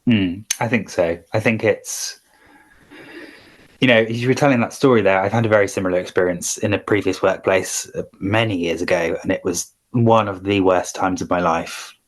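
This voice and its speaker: Podcast guest, male, thoughtful and reflective, lower register. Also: fairly even intonation, moderate pace. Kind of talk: casual podcast chat.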